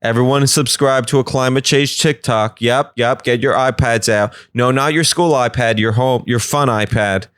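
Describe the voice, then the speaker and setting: A man's voice: mid-range voice, moderate pace, few pauses, fairly bright tone, smooth, dry recording, studio quality. Man rambling through a solo comedy podcast. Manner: rambling, joking asides. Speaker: podcast host. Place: apartment.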